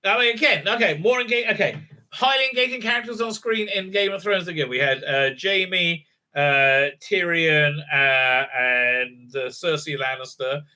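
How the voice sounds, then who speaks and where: A man talks through a recap and review in a loose, rambling way, piling up fillers and restarts and briefly acting out what the characters say. His voice sits a little high and has a very bright, sharp edge. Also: moderate pace. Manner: rambling, many fillers and restarts, acts out quotes. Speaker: video reviewer. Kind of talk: casual spoken recap and review.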